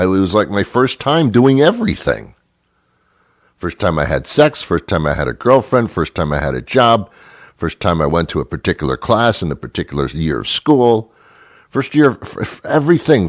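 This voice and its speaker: A man's voice: on the low side, no room sound. A middle-aged man hosting a talk show, delivering an exasperated comic rant full of rhetorical questions into a studio mic. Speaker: radio show host.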